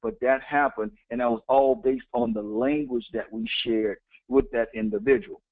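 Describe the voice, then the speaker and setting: A man's voice: mid-range voice, fairly even intonation, moderate pace, no room sound. A man giving a motivational talk. He speaks emphatically, repeats key phrases and counts off his points. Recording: tinny phone-like, dry sound.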